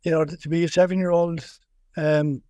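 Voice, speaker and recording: Middle-aged Wexford Irish man, fairly high voice, close dry mic, rambling guest who restarts often. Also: level tone, brisk, warm tone, clean tone, dry recording. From Ireland. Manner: rambling, many restarts and repeated words, laughs easily. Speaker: boxing coach, guest. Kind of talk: casual podcast interview.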